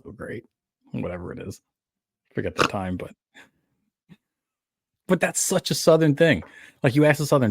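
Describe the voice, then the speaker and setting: A man co-hosting a casual movie review podcast, retelling scenes with animated, laughing energy. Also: mid-range voice, moderate pace, vocal fry, pauses often, slightly rough. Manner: animated storyteller, laughs at his own retellings. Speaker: podcast co-host. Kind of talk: casual film review chat.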